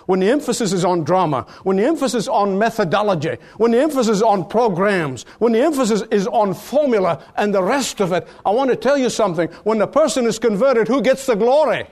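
A man's voice: sits high, darkish tone. A man preaching a sermon as pastor, building emphatic repeated phrases that rise in force.

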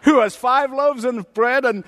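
A man's voice: very high-pitched, measured pace, fairly bright tone, no echo, in a large hall, voice pushed up. A man putting on a wry, folksy Scottish brogue to voice a thrifty apostle, played for laughs. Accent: put-on Scottish.

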